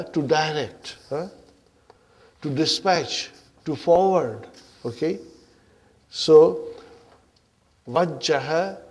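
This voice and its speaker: Higher-voiced man teaching Arabic grammar. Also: darkish tone. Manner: checks in often with "huh?" and "are you with me?"; reads the Arabic lines aloud, then explains them in English. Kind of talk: classroom lesson.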